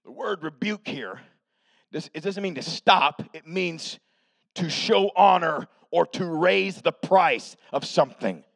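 A man preaching a revival sermon as pastor, shouting with emphasis and then dropping to a hush. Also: on the high side, expressive, slow pace, no echo. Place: church sanctuary.

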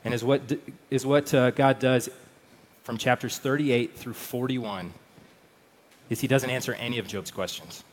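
A man's voice: medium pitch, normal speed, a little hiss or hum. A man preaching a sermon, speaking conversationally and reading scripture aloud. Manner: conversational, repeats words, reads scripture aloud. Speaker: pastor.

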